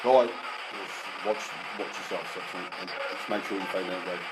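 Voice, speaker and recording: A man's voice: sits low, fairly even intonation, moderate pace. A man on a live ghost hunt, calling out to spirits in a commanding way. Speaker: ghost hunter. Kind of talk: live paranormal investigation. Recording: noisy ambience.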